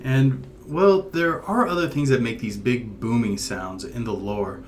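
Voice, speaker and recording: A man co-hosting a paranormal discussion show, explaining things in a measured, thoughtful way. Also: mid-range voice, slight background noise. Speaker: paranormal podcast co-host. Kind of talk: casual discussion.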